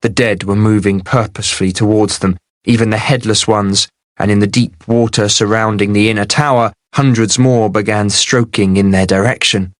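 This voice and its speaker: A man with a fairly low voice reads a fantasy novel aloud in a steady, measured way. The sound is dry and close, with no room around it. It is a plain audiobook narration. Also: dry recording.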